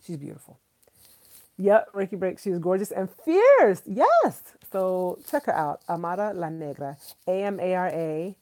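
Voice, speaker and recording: Chatty woman livestream host, slightly low. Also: very animated, moderate pace, mellow. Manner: chatty, enthusiastic, addresses viewers as y'all; repeats herself for emphasis. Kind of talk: casual livestream chat.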